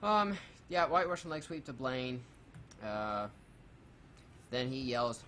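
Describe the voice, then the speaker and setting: A man's voice: mid-range voice, sing-song, slow pace, bright, forceful tone, a little hiss or hum. A man co-hosting a casual review of a wrestling show, reading his notes aloud, swearing freely and making sarcastic jokes. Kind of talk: casual, profane review commentary.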